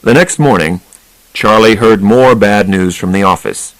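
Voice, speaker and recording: A man reading a story aloud for English learners in a slow, careful, even way. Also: lowish voice, no room sound, low-quality recording. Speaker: narrator.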